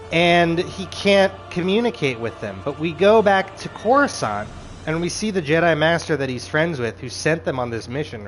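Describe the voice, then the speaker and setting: A show reviewer gives a casual, profane recap in a slightly high male voice, captured on a rough recording. He rants with exasperated energy and acts out the lines he quotes.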